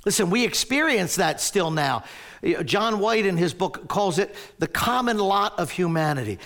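A man's voice: high voice, expressive, normal speed, fairly bright tone. A man in his sixties preaching a sermon as a pastor, telling a story animatedly and often stumbling over restarts.

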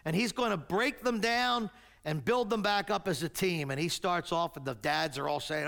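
A man preaching a sermon, telling a story and acting out the shouting voices in it. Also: high voice, lively intonation, normal speed, creaky. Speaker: pastor.

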